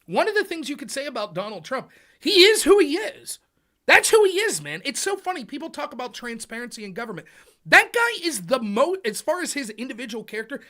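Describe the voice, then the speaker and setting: A man hosting a political livestream, with an animated, loose and casual delivery. His voice is bright and swings widely in pitch as he acts out quotes. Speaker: livestream host. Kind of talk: political talk.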